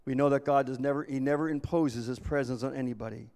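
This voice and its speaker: A man's voice: medium pitch, fairly even intonation, quick pace, darkish tone. A man preaching a sermon as pastor, earnest and repeating himself as he restarts phrases. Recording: long reverb of a large hall.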